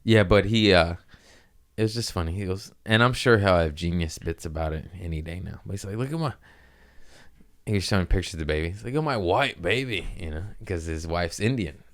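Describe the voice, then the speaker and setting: Deep-voiced man telling a profane story. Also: fast talker. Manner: rambling, profane, laughs at his own stories. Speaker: podcast host. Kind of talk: casual storytelling monologue.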